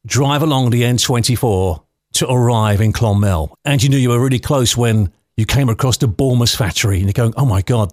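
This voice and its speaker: A man's voice: mid-range voice, dry recording, clean studio sound. A man in his fifties from London hosting a podcast, telling personal stories in a chatty, nostalgic way. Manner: chatty, nostalgic, anecdotal with light laughs. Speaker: podcast host.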